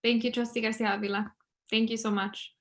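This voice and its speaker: A woman's voice: fairly high pitch, level tone, fairly quick. A woman chairing an online board meeting, polite and procedural as she calls on speakers in turn. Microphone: video call.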